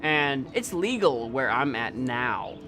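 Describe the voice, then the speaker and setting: A man's voice: medium pitch, big pitch swings, takes it slowly. A young man streaming a video game live, rambling casually and talking back at the screen and his chat. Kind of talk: live gameplay commentary.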